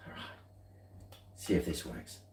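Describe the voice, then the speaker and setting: A man's voice: slow pace, a little mellow, reverberant, slight background noise. An Australian man chatting casually while tasting beer, rambling along with dry, muttered asides.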